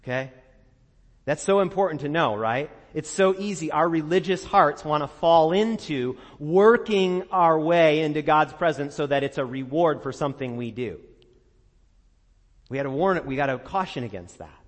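Earnest pastor preaching in a reverberant church. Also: male voice, normal speed. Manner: earnest, conversational, laughs often, drops soft and low for prayers. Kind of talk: sermon.

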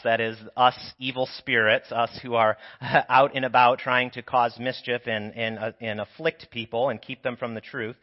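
A man's voice: medium pitch, steady tone, a little slow. A man with a sore throat delivers a conversational teaching sermon. His voice carries a long, lingering church reverb. The recording sounds dull and lo-fi. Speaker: preacher. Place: church sanctuary.

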